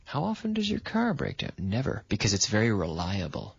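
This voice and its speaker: A man hosting a radio English lesson, patiently quizzing a student and stressing words with lively intonation. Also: fairly low pitch, fairly quick, creaky, husky, no echo. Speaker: English teacher and radio host. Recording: dull, lo-fi sound.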